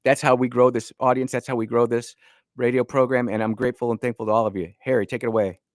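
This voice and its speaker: A man hosting a political talk radio show from the studio. He talks in a folksy, emphatic way, stumbling and restarting often, at an ordinary middle pitch. The sound is dry and close, with no room to it. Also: little pitch movement, fast, dry recording. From Northern Illinois.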